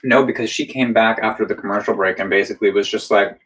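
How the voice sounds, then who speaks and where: A man's voice: fairly low pitch, fairly even intonation, fast, fairly bright tone. A man chatting casually on a live stream over a meal, telling a story in a gossipy way. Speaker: livestream co-host. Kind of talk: casual chat while eating.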